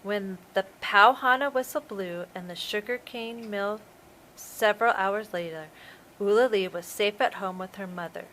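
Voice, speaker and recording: A woman, a preschool teacher, reading a storybook aloud to young children in a slow, expressive way. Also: mid-range voice, slight background noise, rough recording.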